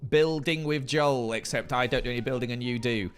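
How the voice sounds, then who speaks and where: A man's voice: medium pitch, fairly quick. A man hosting a casual building game with friends, teasing them and laughing often. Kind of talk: casual gaming chat.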